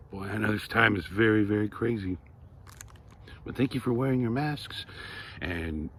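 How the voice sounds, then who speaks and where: Storytime guy reading a picture book to kids, slow and gravelly, swoops all over. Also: fairly low pitch, a little hiss or hum. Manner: playful, animated, talks to kids directly. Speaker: storytime reader.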